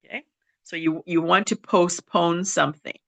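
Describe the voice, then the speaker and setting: A woman with a Western Canadian accent teaches English over a video call. Her voice sits a little low and carries a gravelly fry, and she keeps things patient, repeating her points and checking in with "okay". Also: steady tone, normal speed. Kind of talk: online class teaching.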